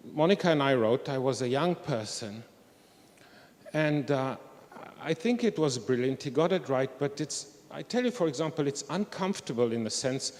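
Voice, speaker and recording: A man's voice: on the high side, darkish tone. An older man giving a reflective, candid talk at an academic conference. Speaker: conference speaker. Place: large historic hall. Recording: long reverb of a large hall.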